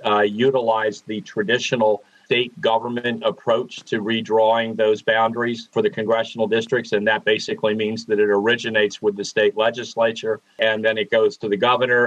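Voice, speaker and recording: A man from Pennsylvania, a guest on a radio interview, explaining things in a measured way with frequent "uh" fillers. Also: fairly low pitch, no room sound, dull audio. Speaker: political analyst guest.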